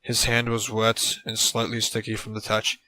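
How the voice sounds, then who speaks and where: Deadpan man narrating a silly story. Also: on the low side, normal speed, dry recording, low-quality recording. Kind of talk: absurd comedic story narration.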